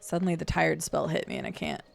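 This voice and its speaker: A woman's voice: low-pitched, little pitch movement, fast, vocal fry. A woman streamer giving casual, playful commentary while she plays a video game, chatting to viewers and humming sing-song filler noises. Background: game music.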